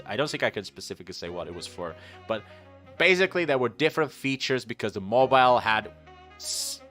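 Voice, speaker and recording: A man's voice: medium pitch, bright, forceful tone. A man chatting casually on a stream, rambling and correcting himself as he tells a story and talks to his chat. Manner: rambling, self-correcting, apologetic asides to chat. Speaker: VTuber streamer.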